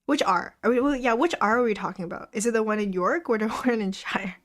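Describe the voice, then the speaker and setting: A woman's voice: fairly high pitch, quick pace. Chatty young woman laughing between comments. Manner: chatty, laughs often, reads viewer comments aloud. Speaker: livestream host. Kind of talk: casual chat with a live audience. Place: home desk during a study stream.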